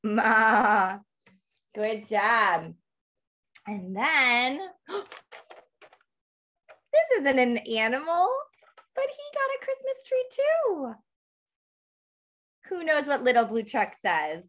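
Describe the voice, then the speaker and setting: A woman reading a picture book aloud to toddlers, animated and sing-song, gasping with excitement and asking the children questions. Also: a little high, extremely slow, pauses often. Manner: asks the children questions throughout. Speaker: toddler book club reader.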